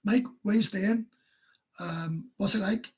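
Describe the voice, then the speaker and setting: A man's voice: high voice, slow pace, a little hiss or hum, rough recording. A man with a Welsh accent hosting a live stream, chatting casually and reading out viewer comments in a blunt, rambling, self-mocking way.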